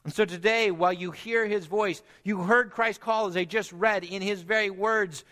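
A man preaching a sermon, earnest, climbing to emphatic peaks and then dropping low and quiet. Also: fairly even intonation, moderate pace.

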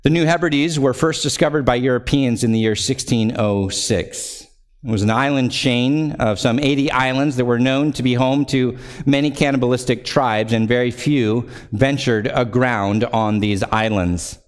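A male pastor delivers an earnest sermon. His voice swells with fervent emphasis as he reads scripture, then slows and drops low as each phrase closes.

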